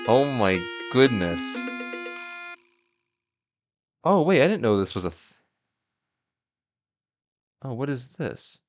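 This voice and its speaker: Soft music plays in the background as a young man with a mid-range voice talks slowly, pausing often. He's a gaming YouTuber who chats to the game and reacts with excited yelps and laughter.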